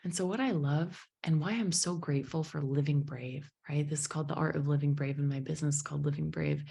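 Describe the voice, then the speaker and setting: A woman giving a motivational talk to a group at an evening presentation, telling a personal story in an emotive, animated way. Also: deep voice, fast talker, gravelly, breathy edge. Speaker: motivational speaker and business founder.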